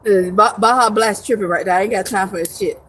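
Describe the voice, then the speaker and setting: A woman's voice: medium pitch, quick pace, fairly bright tone. A young woman live streaming in casual chat, reading viewer comments with brash, profane joking and frequent laughter.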